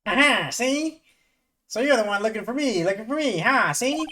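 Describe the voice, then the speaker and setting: A woman voicing a pompous older male lawyer who tacks "see?" onto his sentences, in a loud, high, swinging voice. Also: lively intonation, normal speed. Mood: blustery. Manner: ends sentences with a gangster-like "see?". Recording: game music underneath.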